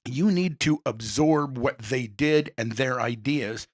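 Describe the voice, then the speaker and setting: A man hosting a casual interview, telling rambling animated stories. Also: mid-range voice, takes it slowly, no echo. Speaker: podcast host.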